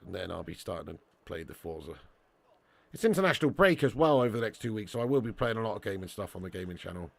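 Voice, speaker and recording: A man's voice: on the low side, lively intonation, fast talker, creaky, dry recording. A young man hosting a casual live watch-along, reading chat and bantering with viewers as lad and mate.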